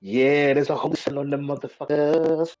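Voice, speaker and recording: A man's voice: on the high side, level tone, brisk, a little mellow, no echo, highs cut off. A man playing a tabletop game, casual and profane, laughing often. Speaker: player. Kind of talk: tabletop game banter and in-character narration.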